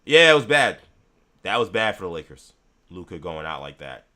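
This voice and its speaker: A man hosting a live sports talk show, reacting to viewer chat and ranting in an animated way about the news. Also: low voice, normal speed.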